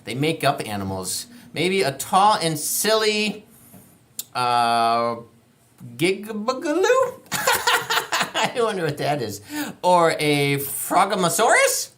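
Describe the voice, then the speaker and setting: Brief: woman kids'-show host, playful and encouraging, lively sing-song pitch, unhurried pace. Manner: playful and encouraging, talks to viewers as friends; chatty, thinks aloud with fillers and laughs. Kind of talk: children's educational show hosting.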